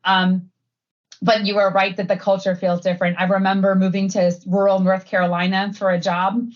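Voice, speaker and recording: As a guest on an interview, this head of sustainability, a middle-aged woman from Wisconsin, talks in a chatty way full of laughs and fillers like "um" and "like." Her mid-range voice is flat and fairly quick, and the recording's highs are cut off.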